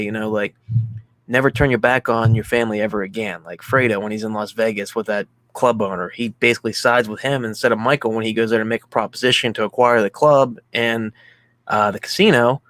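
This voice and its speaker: Co-hosting a laid-back movie podcast, this man from Pennsylvania wanders through a heartfelt story with plenty of fillers. His medium-pitched voice has a fairly bright tone, and there's no room sound.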